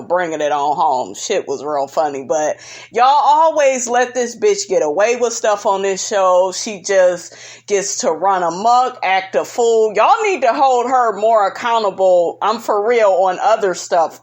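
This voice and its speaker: A woman recapping a reality show in casual, sassy commentary, full of "honey" and big swoops of pitch for emphasis. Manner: sassy and animated, constantly saying "honey".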